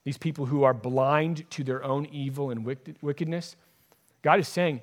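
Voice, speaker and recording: A man's voice: mid-range voice, fairly even intonation, normal speed. A man preaching a sermon as a pastor, driving his points home by repeating key phrases.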